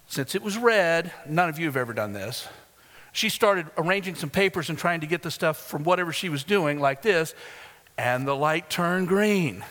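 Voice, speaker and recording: High-voiced preacher in a reverberant hall. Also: male voice. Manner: storytelling preacher, rising loud for emphasis. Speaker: pastor. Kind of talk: sermon.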